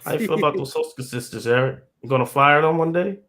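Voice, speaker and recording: A man's voice: a little high, quick pace, sharp tone, slight background noise. A man in a casual chat, teasing and crude, laughing often.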